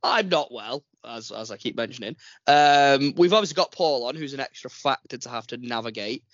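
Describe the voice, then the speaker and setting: A man's voice: mid-range voice, lively intonation, normal speed, a bit bright, no echo. A man hosting a casual podcast, joking and rambling, a little under the weather. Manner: joking, rambling, swears freely. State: slightly ill. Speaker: podcast host. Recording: dry, dull lo-fi remote recording.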